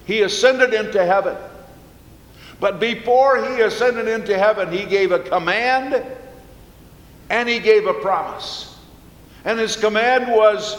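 Slow high-voiced preacher in echoing hall. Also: male voice, fairly bright tone. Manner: slow, earnest preaching with emphatic repetition. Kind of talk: sermon. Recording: echoey hall with long reverb.

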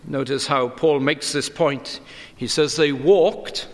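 A man preaching an expository sermon, measured and deliberate, leaning on emphatic words. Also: a little high, steady tone, long reverb tail. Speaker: pastor.

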